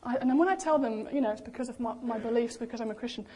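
Lively woman preaching a sermon. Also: fairly high pitch, very fast, husky. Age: young adult. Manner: lively, animated, acts out quoted voices.

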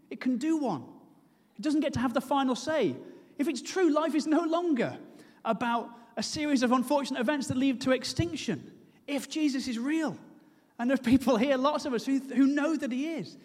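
Brief: male preacher, very high voice, echoing in a large hall. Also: breathy edge. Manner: lively and humorous, then earnest and pleading. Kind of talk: sermon with storytelling.

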